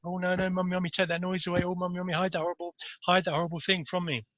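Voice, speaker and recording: A man's voice: sits high, level tone, very fast, fairly bright tone, dry recording, highs cut off, voice pushed up. A man putting on a whiny pleading kid. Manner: whimpering, pleading. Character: whiny pleading young child denying blame.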